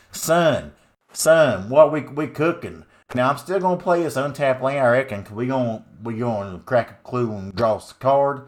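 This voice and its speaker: A man's voice: medium pitch, close to an everyday voice. A man putting on a rowdy, folksy Southern good ol' boy voice with an American Southern drawl, hollering his way through game commentary. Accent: American Southern (put on). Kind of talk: exaggerated character voice during game commentary.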